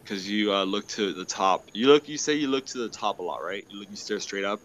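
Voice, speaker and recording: A man talking in a halting, confessional way, emotional and tearful. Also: lowish voice, lively intonation, fairly bright tone, dull audio, slight background noise. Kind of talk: casual conversation.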